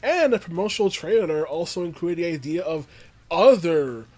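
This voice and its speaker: A man's voice: a little high, animated, normal speed, darkish tone, faint music behind. A young man giving a casual, rambling video-essay commentary, speaking conversationally with plenty of filler phrases.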